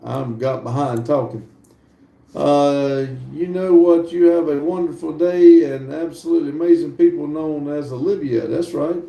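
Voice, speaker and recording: A man's voice: on the high side, moderate pace, creaky. A man hosting a casual live stream, chatting and reading viewer messages aloud with easy laughs. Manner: relaxed, chatty, laughs easily. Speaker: livestream host. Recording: roomy sound from a distant mic.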